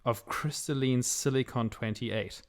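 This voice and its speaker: A man's voice: medium pitch, a little slow. Rambling young man hosting a comedy podcast. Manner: rambling, explains with many fillers. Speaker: podcast co-host. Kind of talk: casual comedic chat.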